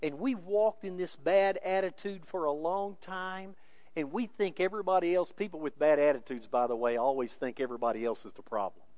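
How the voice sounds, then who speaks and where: A male pastor preaching a sermon with emphasis, moving between quiet asides and raised, insistent points. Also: a little high, fairly quick, no room sound.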